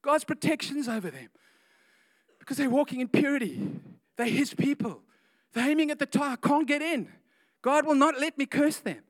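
A man's voice: very high voice, brisk. A man preaching a casual sermon, retelling a story with slangy asides like "man" and "guys".

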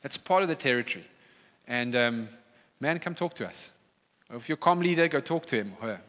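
A man's voice: medium pitch, expressive, brisk, fairly bright tone. A middle-aged male pastor preaching a sermon, emphatic and repeating key phrases for weight. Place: church hall. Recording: church hall reverb.

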